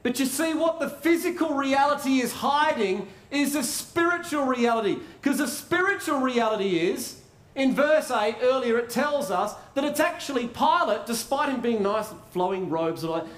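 A man preaching a sermon in a conversational way, asking rhetorical questions and pausing for effect. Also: extremely high pitch, animated, a bit bright. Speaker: pastor. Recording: roomy echo.

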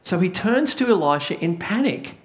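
A man preaching a conversational sermon, retelling a Bible story with lively storytelling and asking the congregation direct questions. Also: sits high, normal speed. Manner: lively storytelling, acts out the biblical characters' panic. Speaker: pastor.

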